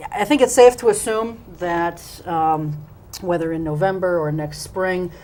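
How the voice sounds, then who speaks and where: A woman's voice: sits low, a little mellow, a little hiss or hum, low-quality recording. Chatty woman host with filler words. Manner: chatty, filler-heavy, laughs at herself. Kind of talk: local TV interview.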